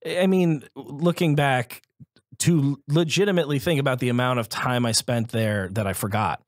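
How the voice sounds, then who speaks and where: A young comedian sits in as a podcast guest and tells self-mocking stories, laughing through his lines. His pitch is middling and the sound is dry and close. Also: normal speed, no echo. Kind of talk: casual comedy podcast chat.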